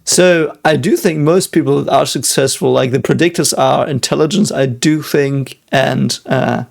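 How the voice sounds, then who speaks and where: A man's voice: medium pitch, normal speed, gravelly. A man, a physicist, giving casual reaction commentary and analysing things reflectively as he thinks aloud. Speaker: physicist reacting to an anime episode.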